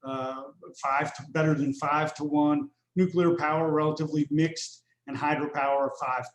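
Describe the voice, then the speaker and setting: A man's voice: a little high, flat delivery, normal speed. A man presenting survey results on a video call webinar, walking through figures steadily with frequent fillers. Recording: roomy echo.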